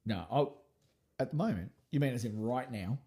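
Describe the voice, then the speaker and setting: A man in his sixties co-hosting a comedy podcast, dropping dry, deadpan jokes in casual chat. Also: mid-range voice, normal speed. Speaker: podcast co-host.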